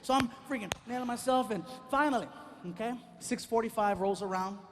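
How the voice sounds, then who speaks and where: A male stand-up comedian telling a story in an animated way and acting out each exchange. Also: very high-pitched, fairly quick. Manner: animated, acts out every exchange.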